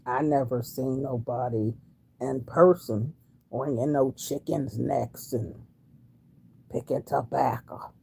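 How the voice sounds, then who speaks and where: Woman, sixties, from Delaware, low husky voice, slow folksy live-stream chat. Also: mellow. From Wilmington, Delaware, USA. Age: 60s. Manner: chatty, folksy, greets and answers viewers. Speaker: livestream host reading viewer comments.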